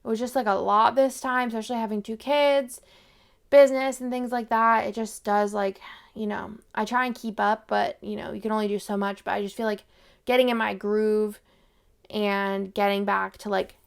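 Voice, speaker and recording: A woman's voice: medium pitch, fairly even intonation, moderate pace, creaky, clear, resonant tone. A young woman, chatting casually in a rambling way full of fillers as a planner vlogger. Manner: rambling, filler-heavy, lots of "like". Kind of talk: casual chat.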